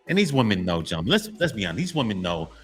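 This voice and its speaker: A man's voice: fairly low pitch, very animated, very fast, faint music behind. A man giving a preachy, emphatic monologue to men, repeating himself and addressing them again and again. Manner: emphatic, repetitive, keeps saying gentlemen. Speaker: motivational vlogger.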